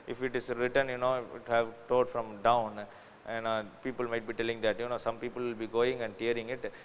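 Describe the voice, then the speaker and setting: A man's voice: mid-range voice, little pitch movement, a little fast, big-room sound, slight background noise. A male pastor preaching a sermon in an earnest way, with frequent fillers and loose grammar. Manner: earnest, many "you know" fillers, non-native grammar.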